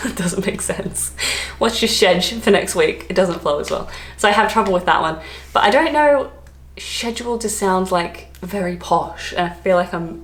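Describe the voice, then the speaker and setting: Chatty Australian woman in an echoey room. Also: lowish voice. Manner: chatty, self-deprecating, laughs often. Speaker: vlogger. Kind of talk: casual chat to camera.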